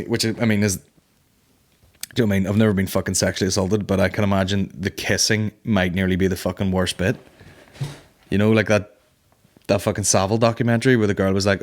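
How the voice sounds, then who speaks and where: Sweary rambling podcast host, lowish voice. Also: male voice, flat delivery, fast talker. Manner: sweary, rambling, laughs at his own jokes. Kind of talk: casual comedic monologue.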